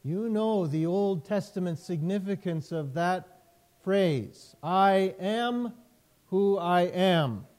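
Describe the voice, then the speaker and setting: A man, a pastor, preaching a sermon in a measured way, repeating phrases with emphasis. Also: high voice, darkish tone.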